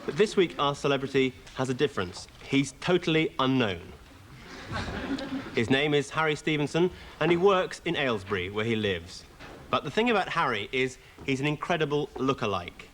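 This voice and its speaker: A man's voice: medium pitch, very animated, normal speed, a bit bright, slight background noise. A man hosting a mock celebrity interview spot, patiently prompting his nervous guest. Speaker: sketch show interviewer.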